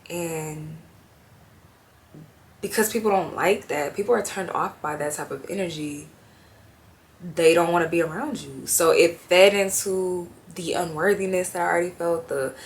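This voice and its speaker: A young woman talks straight to the camera in a slow, heartfelt confessional, her voice low and gravelly. She trails off into fillers and sounds tearful at times, with faint noise behind her. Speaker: vlogger. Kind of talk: personal confessional talk to camera.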